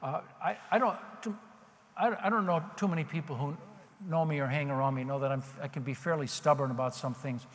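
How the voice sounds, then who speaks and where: A man's voice: fairly high pitch, brisk. A male pastor preaching a sermon in a conversational, self-deprecating way. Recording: long hall reverb.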